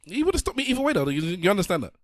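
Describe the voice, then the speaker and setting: Give me a man hosting a casual podcast, with a lively, up-and-down voice. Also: sits high, rapid-fire, no room sound, studio quality. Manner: animated storytelling, acting out voices. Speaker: podcast host. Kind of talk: casual chat.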